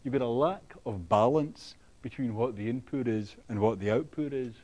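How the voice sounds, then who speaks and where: Male lecturer in a classroom; average pitch, halting delivery with fillers and restarts, explains step by step and checks in with students. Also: mellow. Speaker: university lecturer. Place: lecture hall.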